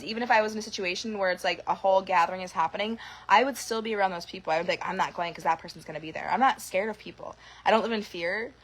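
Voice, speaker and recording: A woman's voice: mid-range voice, a bit bright, poor audio. A young woman and mother in a casual personal monologue, frank and conversational, swearing now and then and leaning on fillers. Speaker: mother talking to camera.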